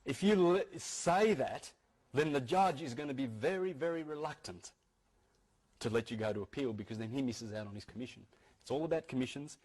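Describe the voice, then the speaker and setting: A man's voice: medium pitch, a little fast, darkish tone, slightly rough. A man giving a talk to an audience, earnest, repeating key phrases and restarting his sentences often. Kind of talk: lecture-style talk to an audience.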